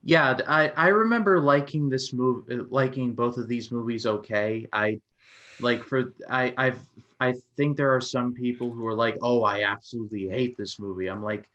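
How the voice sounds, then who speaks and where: A man's voice: mid-range voice, normal speed, a bit bright, dull audio. A man co-hosting a film review podcast, chatting casually and stumbling through restarts as he retells scenes.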